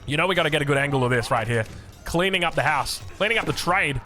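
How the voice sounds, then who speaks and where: Excited Australian man casting a strategy game. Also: a little high, quick pace, soft background music. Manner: energetic, enthusiastic, jokey. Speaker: game caster. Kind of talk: excited esports commentary.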